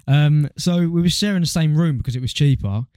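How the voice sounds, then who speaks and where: A man's voice: a little high, brisk, mellow, no room sound, studio quality. Slangy young man. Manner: slangy, storytelling, laughs easily. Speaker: podcast co-host. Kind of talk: casual chat.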